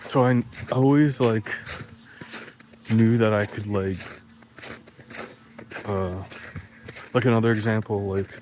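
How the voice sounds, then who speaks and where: A man's voice: on the low side, steady tone, slow pace, long pauses, darkish tone, a little hiss or hum, rough recording. A man telling rambling stories in a casual monologue, full of "like" and restarts, swearing freely and laughing at his own jokes. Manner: swearing freely, voice jumps up when quoting himself.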